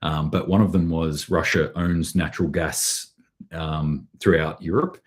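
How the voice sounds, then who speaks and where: A deep-voiced Australian man talking through the news on a live stream. He wanders from point to point with loose asides and slips into dry sarcasm. His tone stays casual and conversational. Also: fairly even intonation, unhurried. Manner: sardonic, rambling, with dry sarcasm. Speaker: prepping channel host.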